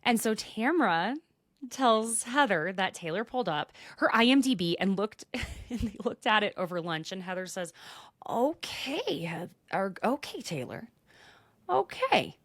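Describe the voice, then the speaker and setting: A woman's voice: medium pitch, animated, normal speed, fairly bright tone, no echo, clean studio sound. A young adult woman hosting a podcast, recapping in a casual, dramatic way and dropping into whispered asides. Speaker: podcast host.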